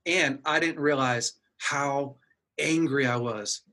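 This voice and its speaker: A man's voice: medium pitch, slow, sharp tone. A middle-aged man earnestly telling a personal story in casual conversation, acting out his own inner dialogue. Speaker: guest sharing a personal story.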